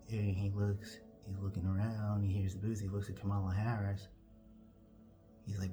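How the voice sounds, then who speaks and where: Male comedian, deep voice, lively storyteller who plays all the parts, faint music. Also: normal speed. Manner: animated, acts out every character. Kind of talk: comic storytelling.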